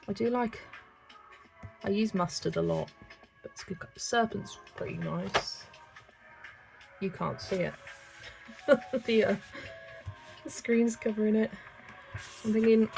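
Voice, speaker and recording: Her mid-range voice is darkish with vocal fry as she hosts a colouring livestream. She keeps up casual chatter, reads the chat and thinks out loud while deciding on colours.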